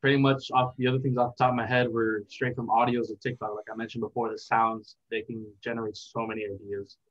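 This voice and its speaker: Relaxed young man, dull lo-fi sound. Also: medium pitch, fast. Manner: relaxed, rambling, reflective. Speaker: interview guest, content creator. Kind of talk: casual interview talk.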